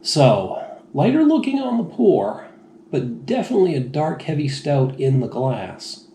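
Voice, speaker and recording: A man's voice: on the high side, sing-song, measured pace, warm tone. A man reviewing beer in a rambling, frank, self-deprecating way, a little tipsy. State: slightly tipsy. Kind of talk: casual review monologue. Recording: echoey room, faint noise.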